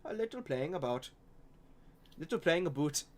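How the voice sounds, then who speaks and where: A man's voice: a little high, big pitch swings. Man from Canada reading fiction aloud. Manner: halting, giggly reading, frequent restarts. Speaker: podcast host reading fan fiction.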